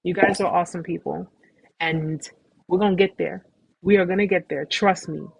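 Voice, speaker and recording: A woman hosting a live stream, talking casually and at length, warmly repeating reassurances to her viewers. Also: fairly low pitch, steady tone, normal speed, gravelly, breathy edge, no room sound. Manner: warm, effusive, repetitive reassurance; talkative, rambling with restarts. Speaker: host of a support live stream.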